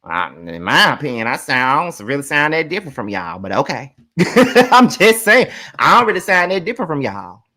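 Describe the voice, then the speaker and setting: A live review host from Mississippi with a Southern accent, talking bluntly with lots of swearing and drawn-out words. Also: medium pitch, big pitch swings, pushed and bright. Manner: blunt, profane, drawls words. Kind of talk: casual live commentary.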